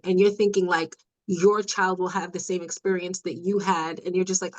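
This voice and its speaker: A woman speaking as a podcast guest, earnest and reflective, growing animated at times in candid conversation. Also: mid-range voice, moderate pace, rough recording.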